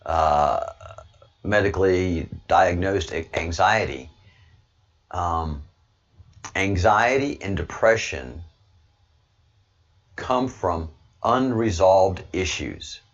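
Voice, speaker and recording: A man's voice: deep voice, very slow, long pauses, highs cut off. A man with a Southern American accent talking in a rambling casual monologue, often restarting and calling his listeners brother. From Southern United States. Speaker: online commentary host.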